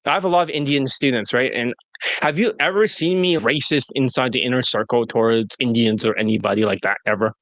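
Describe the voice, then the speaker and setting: A man's voice: mid-range voice, fairly quick, a bit bright, no room sound. A man who is a dating coach hosting a casual interview, talking bluntly with lots of swearing and mockery. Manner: blunt, profane, mocking. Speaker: dating coach and show host.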